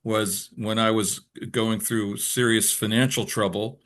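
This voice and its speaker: A man's voice: on the low side, little pitch movement, a little slow, a bit bright. A man cohosting a podcast, explaining things thoughtfully for newcomers as he shares his own experience. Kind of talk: reflective podcast talk.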